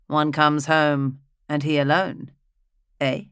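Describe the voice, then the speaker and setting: A reader playing a quietly dangerous noble hunter. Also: medium pitch, level tone, slow pace, clean tone, no echo, clean studio sound. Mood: dry.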